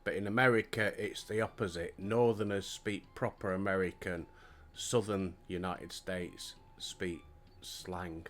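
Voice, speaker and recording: A man's voice: deep voice, fairly even intonation, a little slow, fairly bright tone. An older man with a Yorkshire accent chatting casually and bluntly while hosting a gaming stream. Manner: blunt, joking, colloquial. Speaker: streamer host.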